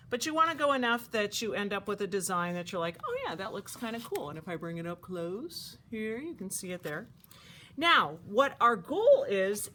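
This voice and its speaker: A woman teaching a craft to children at a camp, talking in a playful, animated, chatty way. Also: mid-range voice, a little hiss or hum.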